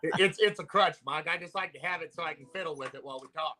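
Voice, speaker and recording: Bright-voiced man telling family stories. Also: a little high, quick pace, dry recording. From Nevada, USA. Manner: rambling anecdotal, strings clauses with "and he said". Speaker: guest country musician. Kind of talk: casual storytelling interview.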